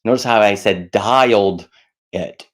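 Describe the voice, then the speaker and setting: A middle-aged man giving casual stress-management advice to camera, animated and self-mocking, acting out worried voices in a higher pitch. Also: measured pace.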